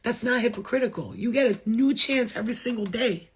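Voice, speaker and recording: A woman's voice: a little high, fairly quick, breathy edge. A woman who works as a spiritual healer, giving an impassioned, blunt talk to viewers, swearing freely and repeating phrases for emphasis.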